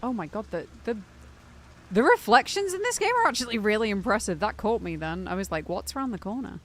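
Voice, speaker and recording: A young British woman chatting casually on a game live stream, animated and incredulous, laughing often. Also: medium pitch, brisk.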